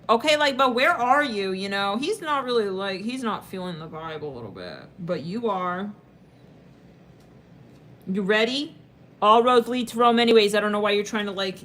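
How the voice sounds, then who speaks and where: A woman's voice: mid-range voice, a bit bright, slight background noise. Chatty woman doing a tarot reading. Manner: chatty, rambling, full of fillers and sudden laughs. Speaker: tarot reader. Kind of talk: casual tarot reading to camera.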